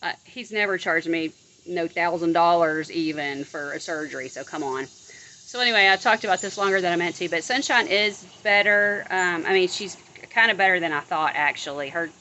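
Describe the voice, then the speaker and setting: A woman's voice: lowish voice, moderate pace, pushed and bright, highs cut off, a little hiss or hum. A woman vlogging in a casual chat outdoors in her yard, rambling along with frequent restarts and asides. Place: outdoors in a yard near bird feeders.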